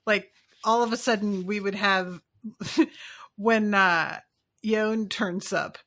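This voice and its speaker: Giggly, bright-voiced woman podcast host. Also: mid-range voice, steady tone, takes it slowly. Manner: giggly, rambling, self-mocking. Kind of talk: casual chat.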